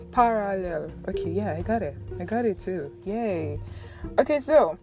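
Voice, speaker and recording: A young Nigerian-accented woman talks casually to her viewers, telling stories in an animated way. She laughs a lot and often repeats words. Background music plays clearly underneath her voice. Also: medium pitch, slow. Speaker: vlogger. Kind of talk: casual chatty storytelling.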